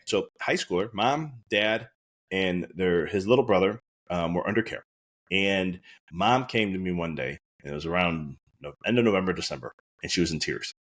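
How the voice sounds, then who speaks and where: Quick, low-voiced male podcast host and chiropractor; anecdotal, earnest storyteller. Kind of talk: casual podcast monologue.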